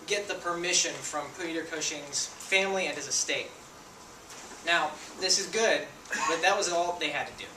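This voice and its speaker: A young man giving a persuasive contest speech, engaging the audience with questions. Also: on the high side. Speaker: student speaker. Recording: echoey room, voice from a distance, faint noise.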